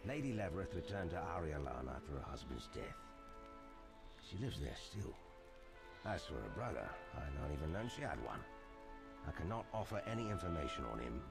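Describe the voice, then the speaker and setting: A grave lord seeking justice, with a very deep, gravelly voice that rises and falls widely. He speaks in solemn, formal tones, with loud game music playing behind. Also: big pitch swings, fairly quick, full character voice. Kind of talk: video game dialogue.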